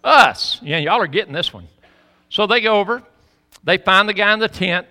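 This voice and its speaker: Male pastor, fairly high and lively voice, folksy sermon delivery, long church reverb. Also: brisk. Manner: animated, folksy and preachy, swinging from loud to hushed. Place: church sanctuary.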